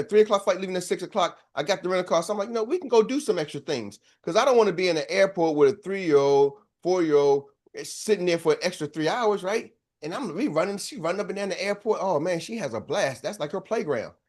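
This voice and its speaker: High-voiced man preaching motivation. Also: animated, fast. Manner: preachy, storytelling, calls out to the audience. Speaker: sales coach. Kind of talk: motivational speech.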